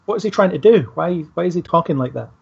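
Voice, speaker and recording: A man's voice: on the high side, expressive, fast talker, vocal fry, breathy edge. A man hosting a casual film discussion, easygoing and hesitant, talking things through with fillers. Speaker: podcast host. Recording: dull lo-fi podcast audio.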